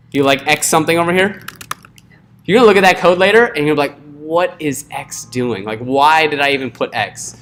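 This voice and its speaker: A man's voice: on the high side, a bit bright. Casual joking coding instructor, man. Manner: casual, joking, checks in with "right?" often. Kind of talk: live classroom coding lesson.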